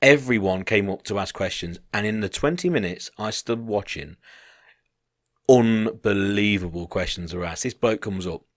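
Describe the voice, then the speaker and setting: A man's voice: fairly low pitch, moderate pace, dry recording, clean studio sound. A man co-hosting a podcast, telling a long anecdote in casual chat, acting out people as he goes and swearing freely. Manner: animated, acts out the people in his stories, swears freely. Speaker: podcast co-host.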